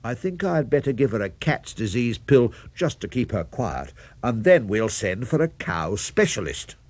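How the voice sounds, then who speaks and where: A man voicing a polite, fussy cow doctor in a children's storybook tale, speaking in a brisk bedside manner. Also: medium pitch, sing-song, darkish tone, no room sound. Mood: fussing.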